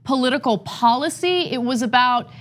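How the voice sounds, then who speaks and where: A woman's voice: high voice, normal speed. A woman hosting political commentary, emphatic and disapproving.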